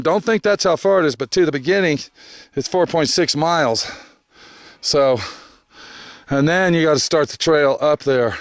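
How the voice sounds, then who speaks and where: A man's voice: a little high, dry recording. A man vlogging a long hike outdoors, tired, grumbling, cursing constantly and sighing heavily, recorded on a handheld camera. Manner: profane, grumbling, frequent heavy sighs. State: tired and weary. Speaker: hiker filming his trek. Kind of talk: casual vlog narration. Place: outdoors on a canyon trail.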